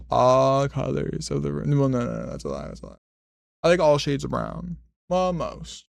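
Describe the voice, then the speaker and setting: Sassy young streamer, gravelly voice. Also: male voice, mid-range voice, no echo, clean studio sound. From Mexican heritage. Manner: sassy, swearing, rambling chatter. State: high and half asleep. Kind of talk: casual stream chat reading comments.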